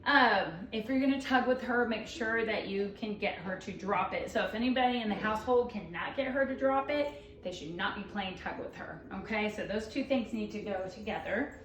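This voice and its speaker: A woman dog trainer explaining a training demonstration while playing, switching between excited praise and firm commands. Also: mid-range voice, normal speed, reverberant, far from the mic.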